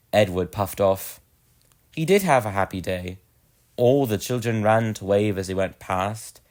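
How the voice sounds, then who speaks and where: A man narrating a children's storybook in a gentle, expressive way. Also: lowish voice.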